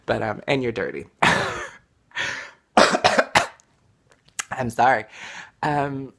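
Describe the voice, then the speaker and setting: A woman talks straight to camera in a casual vlog, blunt and peppered with curses. Her voice sits remarkably low, and a tickle in her throat shows. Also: animated, very slow, gravelly. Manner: blunt, profane, irritated rant. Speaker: model and vlogger.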